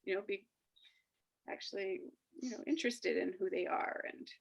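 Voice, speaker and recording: A woman's voice: mid-range voice, normal speed, creaky, muffled recording. A woman hosting a casual, reflective chat, telling stories animatedly. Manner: animated storytelling, acting out quoted dialogue. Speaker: host.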